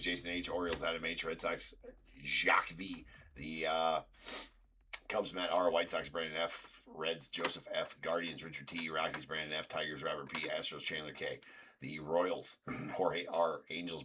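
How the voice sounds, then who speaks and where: A man's voice: a bass voice, level tone, moderate pace, bright, forceful tone, slight background noise. A man hosting a live-streamed card break, rattling off teams and names and joking with viewers. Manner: chatty, rattles off team and name lists, jokes with viewers.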